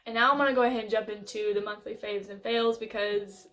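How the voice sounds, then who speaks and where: An American woman giving an earnest life update on her vlog, halting and thinking aloud with frequent restarts. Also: mid-range voice, steady tone, fairly bright tone, soft background music. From United States. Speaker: vlogger.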